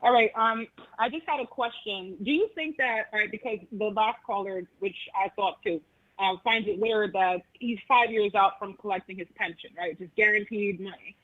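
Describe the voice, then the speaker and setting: A woman caller from the Bronx with a Bronx accent, chatting in a friendly way and softening her questions. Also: medium pitch, normal speed, narrow, tinny audio. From the Bronx, New York.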